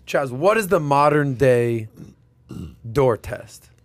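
A man's voice: medium pitch, expressive, takes it slowly, no room sound. A man hosting a podcast, eagerly asking his guest questions in a casual chat. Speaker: podcast host. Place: podcast studio.

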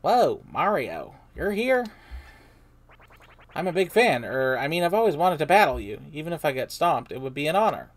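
A woman voicing an eager young male mushroom minion who is a starstruck fan, talking loud and bubbly. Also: lowish voice, big pitch swings, normal speed, pitched above the performer's own voice. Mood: excited.

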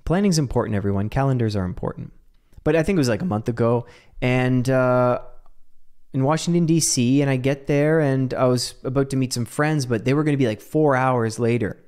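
A man's voice: mid-range voice, fairly quick, darkish tone, clean tone. A man hosting a solo podcast, talking casually and animatedly, laughing often and swearing now and then. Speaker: podcast host.

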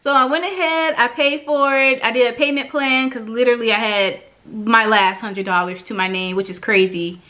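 Bright, animated young woman vlogger. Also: moderate pace. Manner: chatty and animated, acts out quoted dialogue with big pitch jumps. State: emotional, near tears. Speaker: vlogger reviewing an online course. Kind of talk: casual personal vlog storytelling.

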